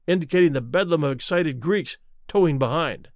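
A man reading a classic short story aloud in an expressive, dramatic narration. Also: on the high side, brisk, no echo, clean studio sound. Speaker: audiobook reader.

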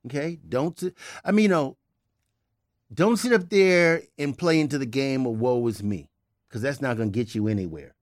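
A man's voice: medium pitch, animated, moderate pace, dry recording, studio quality. An older man on a podcast giving blunt, emphatic tough-love advice in casual chat. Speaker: podcast regular, host's father.

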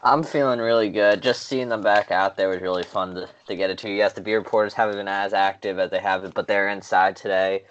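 A man's voice: on the low side, level tone, fairly quick, few pauses, fairly bright tone, dull audio. A man from Long Island with a New York accent, co-hosting a casual sports podcast in an upbeat way and reading notes aloud. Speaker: podcast co-host.

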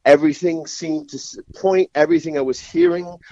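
A male reporter speaks as a podcast guest, lively and quick to laugh. His voice comes through a dull, slightly lo-fi line with no echo. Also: a little high. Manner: lively, laughing, acts out quoted reactions. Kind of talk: casual podcast chat.

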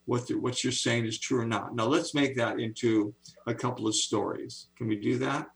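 Interviewed over a video call, a man in his seventies who is an author and speaker recounts stories in an animated, enthusiastic manner. He speaks at normal speed in a mid-range voice, and the recording is low quality.

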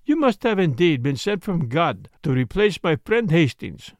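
A man's voice: fairly high pitch, very animated, normal speed, dry recording, clean studio sound. A man voicing a fussy, shrewd older Belgian detective in a storybook reading, with precise, formal speech. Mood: twinkling.

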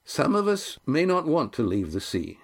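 A man's voice: fairly high pitch, big pitch swings, moderate pace, voice pushed up. Earnest young seafarer, as a male narrator reads him. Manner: earnest, declaiming. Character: young seafaring grandson making a proclamation.

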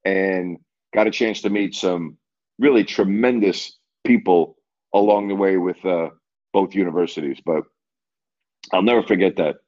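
An older man, a sportscaster hosting, telling stories casually, animated and laughing, repeating himself. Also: lowish voice. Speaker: sportscaster host. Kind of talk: casual storytelling to a live audience. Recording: dull lo-fi audio.

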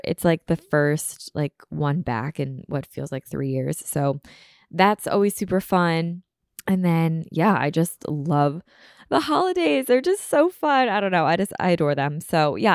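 A woman hosting her own podcast, chatting casually with lots of fillers and restarts, and clearing a voice she keeps losing. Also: low voice, darkish tone, no echo, studio quality. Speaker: podcast host. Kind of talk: casual solo podcast chat. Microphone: studio microphone.

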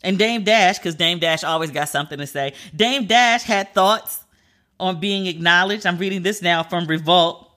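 Host brief: woman, bright forward tone, candid chatty celebrity-news commentator, emphatic asides. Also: lowish voice, normal speed. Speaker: pop culture commentator.

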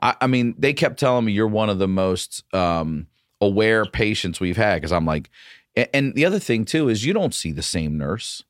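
A man, a comedian guest on a podcast, telling a story in a casual, profane, animated way. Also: lowish voice, normal speed, dry recording, clean studio sound.

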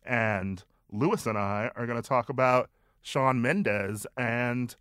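A man's voice: medium pitch, slow, a bit bright, clean tone, dry recording. A man co-hosting a podcast, calling in remotely and trading dry, teasing banter. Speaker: podcast co-host.

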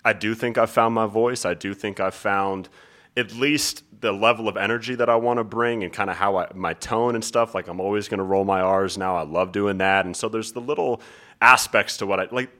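A man's voice: on the low side, steady tone, fairly quick, a bit bright. A laid-back, talkative man chatting as a guest in a casual interview about his work. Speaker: guest, ring announcer.

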